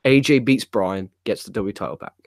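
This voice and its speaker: A man co-hosting a late-night wrestling chat, excitable and crude, swearing freely. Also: lowish voice, normal speed, no echo, studio quality. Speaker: podcast co-host. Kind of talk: casual chat.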